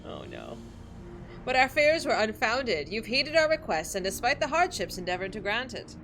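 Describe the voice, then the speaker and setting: A woman's voice: fairly high pitch, wildly swooping pitch, moderate pace, fairly bright tone, faint music behind, exaggerated voice. A woman reading aloud the formal, archaic lines of a solemn ancient deity from a game.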